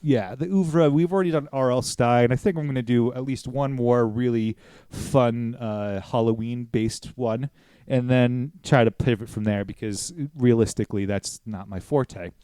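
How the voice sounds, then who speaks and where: A man's voice: medium pitch, fairly even intonation, moderate pace, dark tone, smooth, no echo. A man from the United States hosting a podcast, chatting casually and rambling with jokes and the odd swear word. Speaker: podcast host.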